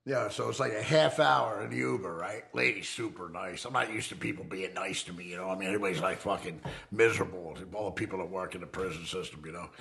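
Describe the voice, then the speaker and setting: A middle-aged man telling his own story in a casual, animated and profane way, acting out the people in it. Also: sits low, fast, creaky, few pauses. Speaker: interviewee.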